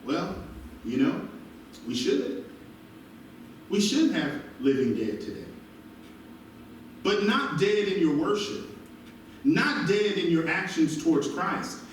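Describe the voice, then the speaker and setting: A male pastor preaching an animated sermon, recorded from a distance in a church. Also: sits high, slow, pauses often, slight background noise. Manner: animated preaching with call-and-response asides. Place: church sanctuary. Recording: very echoey church from far off.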